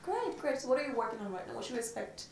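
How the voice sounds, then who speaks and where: Woman, TV host, higher voice, teasing, echoey studio. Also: sing-song, rapid-fire, gravelly, a loud crowd. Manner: playful, teasing. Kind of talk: entertainment show interview.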